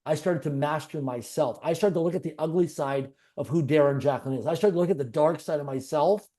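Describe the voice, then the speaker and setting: Guy on an interview telling his story real earnest, kinda high voice, mellow sound, repeats himself a lot. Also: brisk. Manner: earnest, confessional, repetitive phrasing. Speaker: interview guest. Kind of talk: personal storytelling in conversation.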